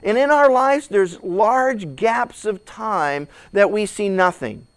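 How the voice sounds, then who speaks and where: A male pastor preaching a sermon dramatically, swinging from hushed tones to shouts and often repeating words as he starts sentences. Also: high-pitched, expressive, slow.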